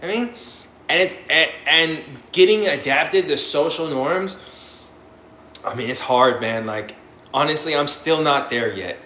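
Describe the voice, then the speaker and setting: A blunt young man speaks in a bright, forceful voice, swearing freely and acting out his own past reactions. He talks a little higher than most men, and the sound bounces around an echoey room with a faint hum behind it. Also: measured pace. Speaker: formerly incarcerated guest on a live panel. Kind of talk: candid conversational storytelling.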